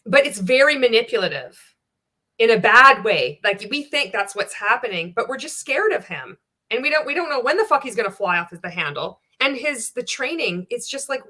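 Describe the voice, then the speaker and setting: A woman's voice: a little high, very animated, moderate pace, bright, forceful tone. A woman hosting a casual reaction video, talking candidly with frequent swearing and wry laughs. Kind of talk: casual commentary reacting to a clip.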